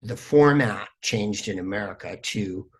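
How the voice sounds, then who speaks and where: A man, a comedian guest on a podcast, telling stories in a lively, rambling way with plenty of fillers. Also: on the low side, measured pace, breathy edge. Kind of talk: casual podcast interview.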